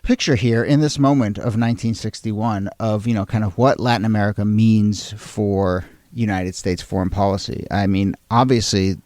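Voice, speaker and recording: A man's voice: lowish voice, fairly even intonation, darkish tone, no room sound, clean studio sound. A man hosting a history podcast in casual, playful chat, joking and laughing with his co-hosts. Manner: jokey, playful, quick to laugh. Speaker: host.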